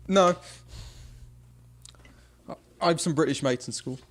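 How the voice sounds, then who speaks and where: A teenage young man hosting a casual podcast, laid-back and quick to swear, often giving short replies. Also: a little high, fairly bright tone. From United States. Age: teens. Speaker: podcast host. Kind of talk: casual chat.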